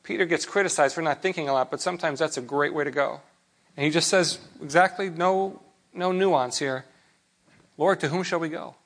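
Man, pastor, conversational sermon, slightly high voice, rhetorical questions. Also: brisk, fairly bright tone.

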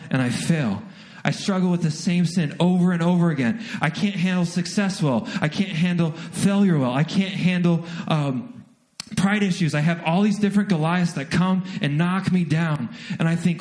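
Brief: young male pastor, slightly high voice, animated and self-mocking in the pulpit. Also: moderate pace. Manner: animated, self-deprecating storytelling with acted asides. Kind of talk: sermon.

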